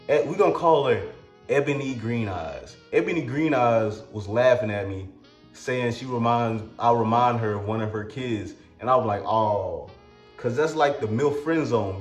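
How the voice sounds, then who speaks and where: A man's voice: medium pitch, echoey room. Casual, crude man telling a story. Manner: casual, crude, slangy, halting restarts. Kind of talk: comedic personal storytelling.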